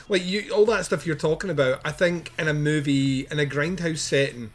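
A man's voice: mid-range voice, a little hiss or hum. A man co-hosting a film podcast, rambling casually with lots of fillers, restarts and swearing. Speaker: podcast co-host. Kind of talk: casual film review chat.

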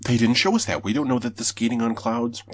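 A man's voice: mid-range voice, quick pace. A man hosting a casual gaming podcast, reading out news and giving blunt, opinionated takes with plenty of swearing.

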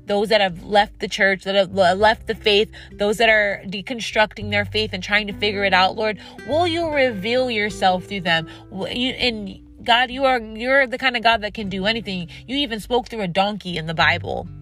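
A woman hosts a devotional podcast, preaching earnestly and stacking up repeated phrases for emphasis. Her voice sits at an ordinary middle pitch. Soft music plays faintly underneath her. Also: normal speed, hardly any pauses. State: tired and dry-mouthed. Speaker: podcast host. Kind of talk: devotional talk and prayer.

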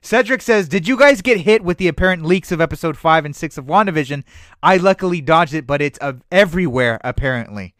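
A man's voice: on the high side, fairly quick, dry recording, clean studio sound. A man co-hosting a movie podcast, chatting casually and emphatically, repeating his points. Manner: animated, emphatic, repeats phrases. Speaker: podcast co-host.

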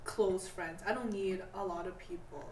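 A woman's voice: fairly low pitch, fairly even intonation, normal speed, echoey room, a loud crowd. An eighteen-year-old woman telling stories in a casual chat, exasperated and emphatic. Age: teens. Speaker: guest.

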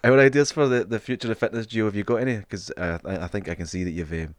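A man with a lowish voice swears his way through loose podcast banter, laughing as he rambles. The sound is close and dry, with no room around it. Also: quick pace, no room sound. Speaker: podcast co-host.

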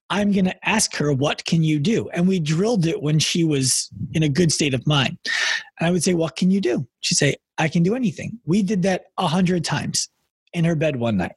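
A man's voice: a little high, husky, no room sound. A man in his thirties hosting a podcast, chatting casually and telling a story with frequent restarts. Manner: storytelling, repeats words when starting sentences. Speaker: podcast host. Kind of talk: casual interview chat.

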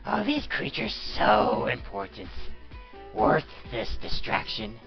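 A man's voice: mid-range voice, huge pitch swings, takes it slowly, gravelly, full character voice. Man doing an impatient voice inside the head. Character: impatient companion speaking telepathically. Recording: dull lo-fi audio with faint music.

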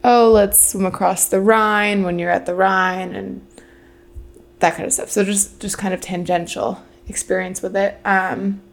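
A woman's voice: mid-range voice, level tone, a little slow. A young adult woman co-hosting a casual podcast chat, talking loosely with many fillers. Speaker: podcast co-host.

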